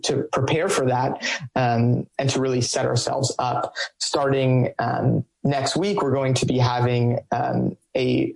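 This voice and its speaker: Creaky, husky man organizer, halting. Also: medium pitch, low-quality recording. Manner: halting, lots of um and restarts. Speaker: climate coalition organizer. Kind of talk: interview answers.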